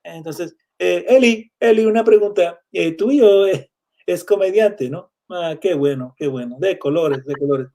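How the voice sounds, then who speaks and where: A man's voice: high-pitched, a little fast, few pauses, warm tone, voice pushed up. A man imitating a polite, formal churchgoing family friend with stiff, courteous speech.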